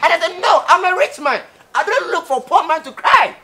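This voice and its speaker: A man with a Ghanaian accent playing a boastful man who has come into money, talking loudly and bursting into laughing shouts. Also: extremely high pitch, animated, a little fast, very noisy. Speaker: comic film character. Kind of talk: Ghanaian comedy film acting.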